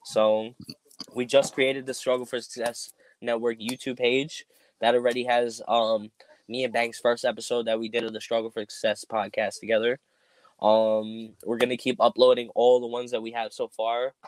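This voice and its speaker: A man's voice: mid-range voice, little pitch movement, moderate pace, no echo. A man hosting a casual podcast, rambling with lots of ums while making announcements. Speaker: podcast host.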